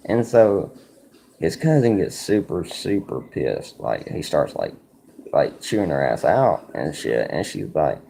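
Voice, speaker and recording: A man's voice: sits low, very animated, unhurried, vocal fry, dark tone, a little hiss or hum. A man streaming a card game, telling a rambling, profane story full of "like" and "you know". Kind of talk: casual storytelling while playing a card game.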